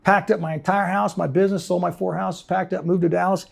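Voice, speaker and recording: A man's voice: high-pitched, steady tone, fast, gravelly. A middle-aged man from the United States, an entrepreneur telling his story intensely in an interview and acting out the people he quotes. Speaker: guest entrepreneur.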